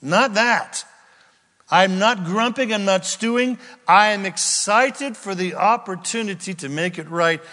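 A man preaching a sermon as a pastor, stressing key words with drawn-out emphasis. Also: high-pitched, pushed and bright. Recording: long reverb of a large hall.

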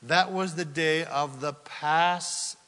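This preacher's voice is a little high and his pace unhurried, echoing with the long reverb of a big hall. He teaches dramatically, asking his audience questions he then answers, his volume shifting between shouts and near-whispers.

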